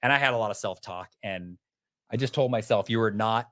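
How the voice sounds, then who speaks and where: Animated male podcast guest, dry close mic. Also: fairly low pitch, brisk, dry recording. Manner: animated, vivid storyteller. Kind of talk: storytelling in an interview.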